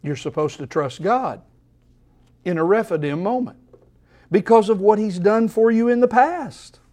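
A man preaching a sermon, expressive, at times dropping to soft repeated phrases, with restarts and stammers mid-thought. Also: high-pitched, unhurried. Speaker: pastor.

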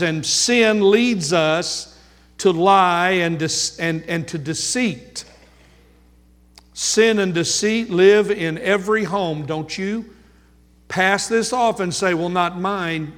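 A man preaching a sermon as pastor, earnest and measured, repeating key lines slowly for emphasis. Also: sits high, a bit bright. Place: church sanctuary. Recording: long church reverb.

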